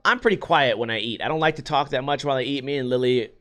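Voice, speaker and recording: Guy ranting on his podcast, swears a lot, middle-pitched voice, just chatting. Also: fast talker, fairly bright tone. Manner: profane, ranting storytelling. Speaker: podcast host. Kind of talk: casual chat.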